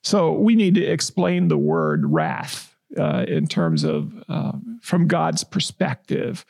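A man co-hosting a faith podcast, reading a verse aloud and then explaining it in a relaxed, conversational way. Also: fairly high pitch, slow, vocal fry, slightly rough, no echo, studio quality. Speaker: podcast co-host. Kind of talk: casual bible discussion.

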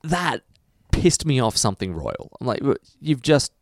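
A man's voice: medium pitch, big pitch swings, moderate pace, no echo, studio quality. A man co-hosting a podcast in casual chat, ranting heatedly with profanity and restarts. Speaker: podcast co-host.

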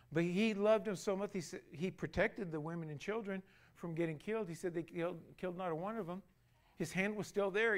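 A man with a fairly high voice preaches a sermon to his congregation, his volume rising and falling as he leans hard on key phrases. He stretches out important words slowly and has the people repeat lines back to him. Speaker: pastor.

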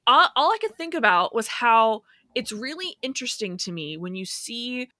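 A woman co-hosting a casual film-discussion podcast, thinking aloud in halting, animated bursts. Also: on the high side, no echo, clean studio sound. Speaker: podcast co-host.

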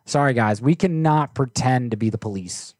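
A man's voice: mid-range voice, moderate pace, a little mellow, no room sound, clean studio sound. A young man hosting a prank call livestream, reading viewer requests in an offhand, joking way with some swearing. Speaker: prank call streamer host. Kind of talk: casual livestream chat.

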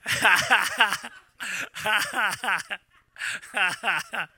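Man preaching a sermon, high voice, very bright tone, dry close sound, animated delivery. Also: very slow, no echo. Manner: animated, repeats words, laughs at own points. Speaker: pastor. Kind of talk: sermon to a live congregation.

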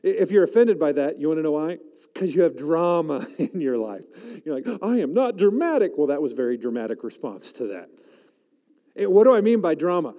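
A man in his forties preaching at a chapel service, swinging from loud, emphatic lines to a soft, hushed voice when he prays, and calling on the crowd to answer back. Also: on the high side, brisk, in a large hall. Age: 40s. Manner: animated, rising loud for emphasis, dropping soft to pray; calls out to the audience. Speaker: chapel speaker. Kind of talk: sermon.

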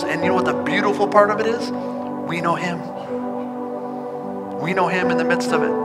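A male pastor preaching an earnest, conversational sermon with frequent restarts. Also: fairly high pitch. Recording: long hall reverb, loud music behind.

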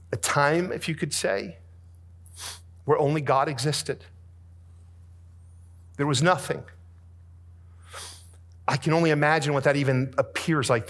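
A man preaching a sermon with dramatic swings between hushed, soft passages and booming, emphatic lines. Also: breathy edge.

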